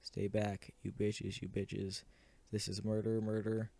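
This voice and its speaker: A man's voice: fairly low pitch, completely flat delivery, unhurried, vocal fry, darkish tone. A man reading the part of a panicked man trapped before a sacrifice, frantic and pleading. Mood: desperate.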